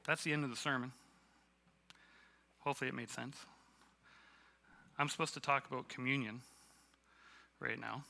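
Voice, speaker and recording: Canadian guy giving a laid back sermon, super bright voice, bit of fry, stumbles and ums a lot. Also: medium pitch, fairly even intonation. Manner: casual, halting, self-deprecating with many fillers. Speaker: guest preacher. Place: church hall.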